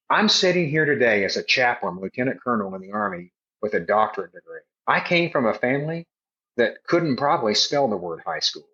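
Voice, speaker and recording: A man's voice: medium pitch, fairly bright tone. Middle-aged male chaplain, emphatic folksy storyteller, slightly muffled recording. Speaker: army chaplain guest. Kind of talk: casual podcast storytelling.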